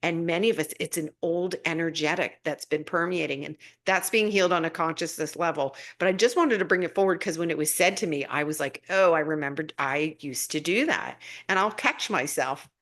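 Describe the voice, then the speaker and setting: A middle-aged woman chats casually through viewer comments on a live spiritual guidance stream. Her voice sits a little low for a woman, but she swoops up high when she gets excited and laughs easily. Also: fairly quick, hardly any pauses. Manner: warm, animated, laughs often, swoops up in pitch when excited.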